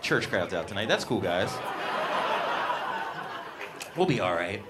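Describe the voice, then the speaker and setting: A man in his late twenties doing a stand-up comedy set on a club stage, working the crowd in a loud, upbeat way. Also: fairly low pitch, big pitch swings, a little slow, very noisy.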